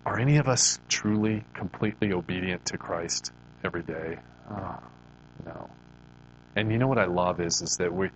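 A man's voice: deep voice, normal speed, slight background noise, low-quality recording. A man giving an earnest, conversational Christian devotional talk. He often repeats words as he restarts his sentences. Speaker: Christian speaker.

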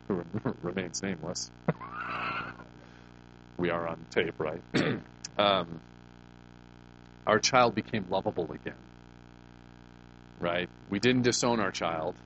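Middle-aged guy preaching, lowish voice, chatty, tells family stories, hum behind him. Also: a bit bright, highs cut off. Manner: conversational, asks the congregation questions; folksy personal storytelling. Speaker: pastor. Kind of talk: sermon.

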